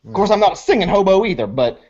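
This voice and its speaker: A man voicing a frantic, foul-mouthed male vagrant who yells and rambles. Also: high voice, very animated, husky, pitched above the performer's own voice, full character voice. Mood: rambling. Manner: shrieking, swearing, rapid. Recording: dull lo-fi audio.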